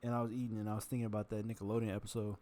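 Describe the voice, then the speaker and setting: A man's voice: on the low side, level tone, rapid-fire, dark tone. A man vlogging while he eats, rambling casually, cursing and poking fun at himself. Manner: self-mocking, profane, chatty.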